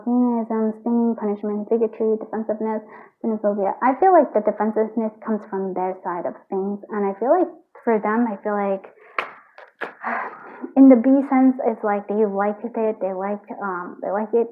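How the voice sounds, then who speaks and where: A woman reads tarot cards at home in a loose, rambling way, her talk full of fillers. Her voice sits at an ordinary middle pitch. The sound is thin and narrow, like a phone line. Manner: rambling and chatty, full of "like" and frequent laughter. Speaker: tarot card reader. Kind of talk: casual pick-a-card tarot reading.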